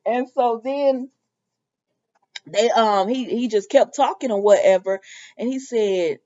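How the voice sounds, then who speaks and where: Give me a chatty woman recapping a soap, mellow and a bit muffled. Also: fairly high pitch, slow pace. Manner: animated storytelling, sassy asides to characters. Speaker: soap opera recap vlogger. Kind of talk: casual recap with quoted dialogue.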